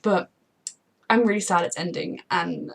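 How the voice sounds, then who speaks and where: A young woman hosting a casual TV reaction chat, gushing and rambling with many fillers and quick laughs. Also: on the low side, steady tone. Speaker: TV reaction channel host.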